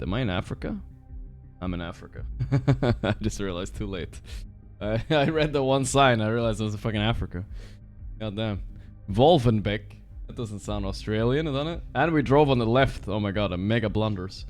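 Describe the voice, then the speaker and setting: A man streaming a game, chatting casually with his viewers, swearing freely and reacting out loud. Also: fairly low pitch, animated, moderate pace, faint music behind. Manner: swears freely, reacts loudly, talks to chat. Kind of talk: casual livestream chat while gaming.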